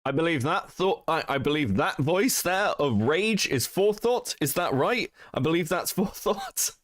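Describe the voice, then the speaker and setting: Animated sweary male streamer. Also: a little high, normal speed, dry recording, studio quality. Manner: sweary, laughs often, animated. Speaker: streamer host. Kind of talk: casual commentary stream.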